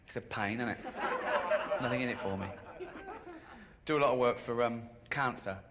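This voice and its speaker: A man performing a stand-up routine on a live stage. He tells stories deadpan and breaks into sudden high-pitched outbursts. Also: moderate pace, a loud crowd, heavy background noise. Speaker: stand-up comedian.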